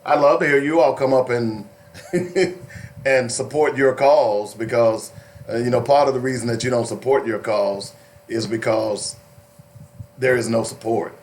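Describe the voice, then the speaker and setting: A man hosting a call-in radio show in a studio, loose and chatty, laughing often and filling pauses with "uh". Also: medium pitch, fairly even intonation, a little mellow, a little hiss or hum. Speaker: radio talk show host. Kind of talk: casual call-in radio talk. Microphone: studio microphone.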